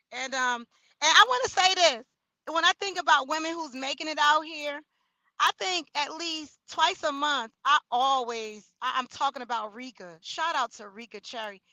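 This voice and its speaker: High, bright, expressive livestream host woman. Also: dry recording, low-quality recording. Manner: loud, expressive, slangy, talks straight to viewers. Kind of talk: casual livestream chat reading comments.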